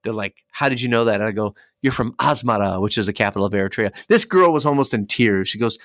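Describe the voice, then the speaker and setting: A man, a radio DJ, chatting as a podcast guest and telling lively stories with acted-out dialogue. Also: lowish voice, fast, few pauses, no room sound, studio quality. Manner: animated storyteller acting out dialogue. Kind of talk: casual podcast interview.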